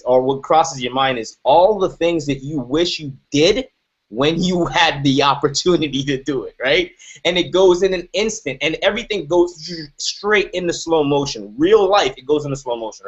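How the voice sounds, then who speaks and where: A man in his thirties giving an emphatic motivational talk, often asking "right?". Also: a little high. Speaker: motivational speaker. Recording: dull lo-fi recording.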